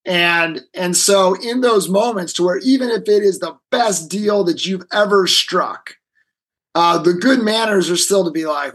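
A man, a guest in an interview, telling an animated story and acting out the other people's lines. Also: high voice, a little slow, rough recording. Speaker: guest, negotiation expert. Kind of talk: storytelling in a conversation.

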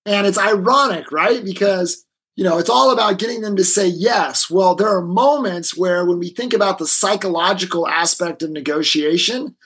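A man, a guest in an interview, telling an animated story and acting out the other people's lines. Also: high-pitched, normal speed, husky, low-quality recording. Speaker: guest, negotiation expert. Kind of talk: storytelling in a conversation.

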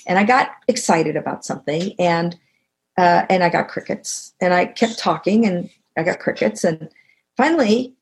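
This older woman, an author and teacher appearing as a guest, talks at a moderate pace with a fairly low pitch. Over a video call she reflects in a conversational interview, telling anecdotes and turning animated when she quotes someone.

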